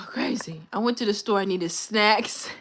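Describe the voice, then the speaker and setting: A woman's voice: medium pitch, expressive, slow, slight background noise. A young woman livestreaming, telling a personal story in a candid, slangy, venting way to her chat. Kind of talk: casual live-stream storytelling.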